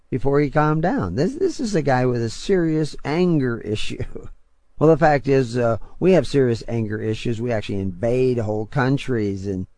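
An older man preaching on his radio show, talking in a rambling, conversational way and building to forceful, emphatic points. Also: mid-range voice, no room sound.

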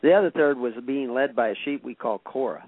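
A man's voice: medium pitch, fairly quick, no room sound. A man preaching a sermon, shifting from folksy storytelling to emphatic exhortation. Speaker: pastor. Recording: dry, tinny phone-like radio broadcast.

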